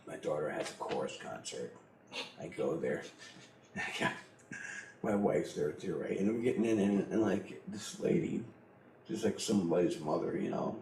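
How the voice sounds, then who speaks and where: A man's voice: low voice, vocal fry, a little mellow, reverberant, a little hiss or hum, poor audio. A middle-aged man telling a personal story in a blunt, profane way, laughing often as he goes. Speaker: interviewee.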